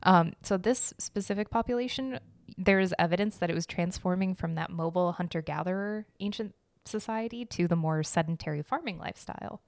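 A woman's voice: on the low side, brisk, gravelly, dry recording. A young woman with a Midwestern American accent, hosting a casual art history podcast with a chatty, giggly, self-deprecating manner. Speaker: podcast host.

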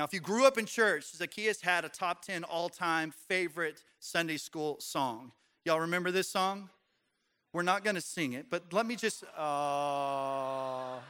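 Joking with his congregation, a pastor delivers a conversational sermon in the church sanctuary. His voice sits on the high side, sounding pushed and bright yet clean.

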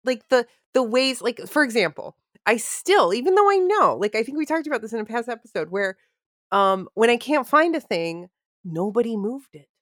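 A woman's voice: fairly high pitch, very animated, normal speed, a bit bright, no echo, clean studio sound. A woman co-hosting a casual podcast, thinking aloud in a reflective way with frequent restarts, asides and laughter. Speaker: podcast co-host.

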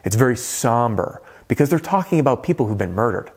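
This middle-aged man coaches roofing sales in a monologue to camera, speaking with energy and changing his tone and pace to drive his points home. His mid-range voice is expressive and slightly breathy, and he talks a little fast.

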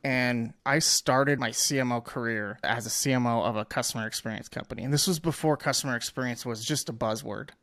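A man's voice: mid-range voice, fairly quick, hardly any pauses, fairly bright tone, no room sound. A man speaking as a guest marketing executive in a casual podcast interview, talking candidly and with emphasis. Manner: candid and emphatic, with blunt asides.

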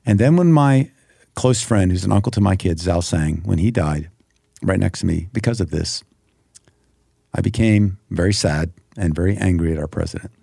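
A man's voice: low-pitched, lively intonation, moderate pace, creaky, mellow, husky, dry recording, clean studio sound. A middle-aged man speaking earnestly as a podcast guest, giving personal testimony with emphatic, acted-out quotes. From United States. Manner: earnest, emphatic, acts out quoted prayers and dialogue.

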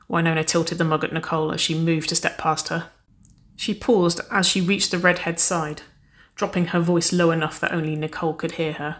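A woman narrating a story aloud in a steady, even storytelling manner. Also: low voice, fairly quick. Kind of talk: audiobook reading of fan fiction.

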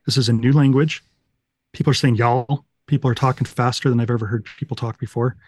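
A man's voice: mid-range voice, fairly even intonation, quick pace, a little mellow, no room sound, studio quality. A middle-aged man from Utah, a podcast guest, telling his life story in a rambling, self-deprecating, casual way. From Utah, USA. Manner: rambling, self-deprecating, fond of 1980s references.

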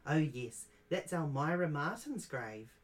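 A man doing a high, fussy old grandmother. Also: big pitch swings, recorded from a distance. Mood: fondly chiding. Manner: gently chiding, drawn-out. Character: fussy elderly grandmother baking at home.

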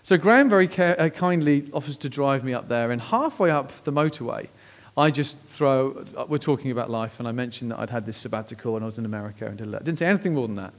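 A man preaching a sermon, telling a personal story with lively swings between hushed, slow moments and excited outbursts. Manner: animated, acts out quoted voices with big pitch jumps; drops to hushed, slow tones at emotional moments. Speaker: pastor.

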